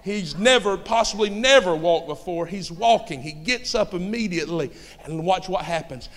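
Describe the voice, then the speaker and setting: A man preaching a sermon with folksy turns of phrase, swinging between shouting and hushed storytelling. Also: high voice, lively intonation, moderate pace. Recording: long hall reverb.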